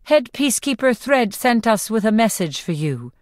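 A woman reading an audiobook voices a stern, suspicious female officer with sharp, cold questions, in a dry, close recording. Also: a little high, big pitch swings, normal speed, no echo.

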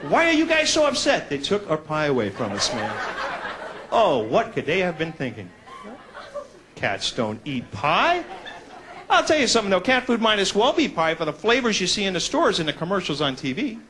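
A man doing a stand-up routine on a club stage, animated and jumping into voices. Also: high-pitched, normal speed, crowd noise. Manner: animated, jumps into put-on voices. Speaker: stand-up comedian. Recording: noisy club recording with audience.

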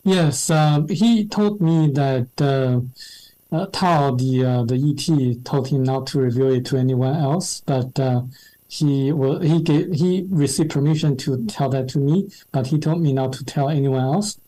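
A man's voice: medium pitch, unhurried, mellow, low-quality recording. A man whose first language is Chinese, a translator answering interview questions with many fillers and restarts. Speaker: guest, translator.

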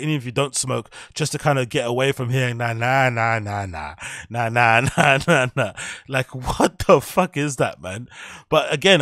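A man's voice: mid-range voice, fairly bright tone, dry recording, studio quality. A man hosting a podcast, giving blunt, rambling, sweary commentary in a casual chat. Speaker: podcast host.

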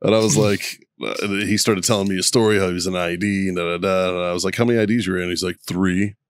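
A man with a lowish voice tells stories on a podcast, swearing freely and breaking into laughter. The sound is close and dry, with no room behind it. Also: steady tone, fast talker, dry recording. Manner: profane, laughing storyteller. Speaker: podcast co-host. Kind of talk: casual storytelling chat.

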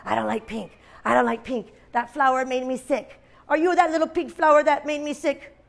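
A woman's voice: high voice, fairly even intonation, moderate pace, gravelly. A grumpy yak that holds a grudge, as a woman puts it on. It grumbles its complaints in a sulky, muttering way, like a creature in a children's game. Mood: grumbling.

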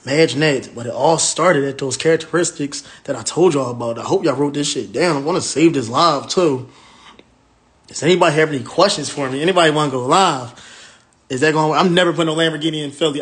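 A man's voice: a little high, quick pace, fairly bright tone. A man hosting a casual phone livestream, talking in a brash, profane and rambling way. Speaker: livestream host, rental car business owner.

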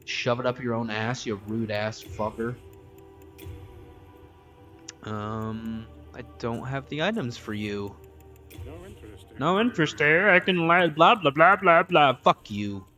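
A man talks through a video game in loose, casual commentary. His voice sits at an ordinary middle pitch. He swears freely, cracks crude jokes and snaps back at enemies on screen. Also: slow, long pauses, bright, forceful tone, faint music behind. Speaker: gameplay streamer. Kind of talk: casual let's-play commentary.

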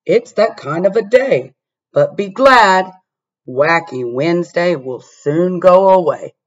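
A woman's voice: fairly low pitch, animated, takes it slowly. A woman voicing a kindly policeman who smiles and reassures a child, on muffled lo-fi audio. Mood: reassuring. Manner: gentle, reassuring. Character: kindly grown man policeman, calm and reassuring.

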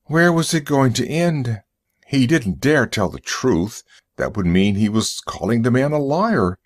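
A man reading a story aloud for English learners, in a measured storytelling manner. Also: medium pitch, no echo, clean studio sound. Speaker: narrator.

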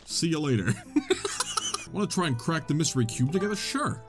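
A man narrates his gameplay in a wisecracking let's-play style, laughing often. His voice swings high and low with lively pitch. Soft game music plays underneath. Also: normal speed. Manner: jokey, wisecracking, laughs a lot. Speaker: gaming channel host.

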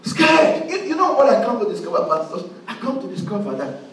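A male pastor preaching a sermon, rising into shouted declarations and call-and-response. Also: high voice, very animated, quick pace. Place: church hall. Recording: echoey hall, mic far off, faint noise.

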